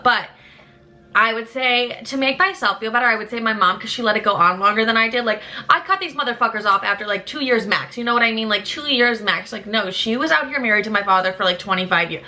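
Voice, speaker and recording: A young woman in her twenties talks candidly to her viewers as if they are close friends. Her voice is bright and forward, her delivery blunt and chatty, with casual swearing and lively jumps in pitch. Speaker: lifestyle creator. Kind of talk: candid casual chat to camera.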